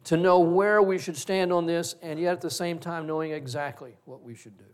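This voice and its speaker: A man's voice: a little high, steady tone, moderate pace. A middle-aged male pastor giving a reflective, story-driven sermon.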